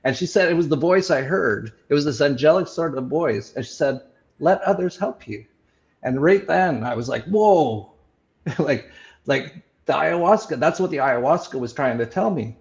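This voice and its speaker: A man hosting a talk show, telling a personal story in a casual, reflective way, often pausing and restarting with fillers. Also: fairly high pitch, animated, creaky, darkish tone, dull audio. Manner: halting, many fillers and restarts. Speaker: show host sharing his experiences.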